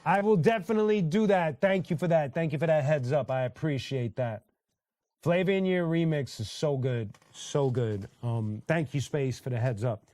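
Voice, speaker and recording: A man hosts a casual livestream, reading chat and greeting viewers by name while talking loosely with plenty of fillers and restarts. His voice is a little high and a little mellow, at normal speed, with no echo.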